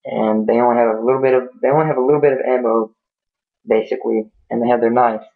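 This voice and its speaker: A man's voice: mid-range voice, fairly even intonation, fast, vocal fry. A man telling an improvised scary story in a rambling way, with many fillers and restarts. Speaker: amateur storyteller. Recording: tinny phone-like lo-fi audio.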